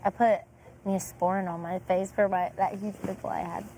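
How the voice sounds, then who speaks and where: A woman's voice: medium pitch, moderate pace. A young woman, a reality show contestant, talking in casual gossip and acting out what others said with lots of "like". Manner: animated, acts out quotes with filler "like". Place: indoor house. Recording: noisy room feed.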